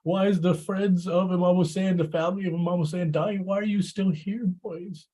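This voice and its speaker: A man's voice: high-pitched, steady tone, moderate pace, dark tone, pitched above the performer's own voice. A preacher voicing a distressed mother who urgently questions her sons, in a raised voice within his sermon. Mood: anguished.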